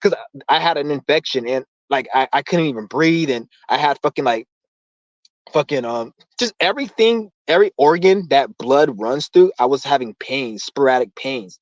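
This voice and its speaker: Animated and mid-range, this young man's voice moves at a moderate pace through lo-fi sound with no echo. Hosting his own live stream, he launches into a casual, angry, swearing-filled rant that wanders all over.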